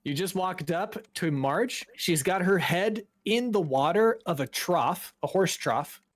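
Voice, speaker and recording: A man running a tabletop game as game master, explaining rules in a brisk, matter-of-fact way. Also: high-pitched, animated, no room sound.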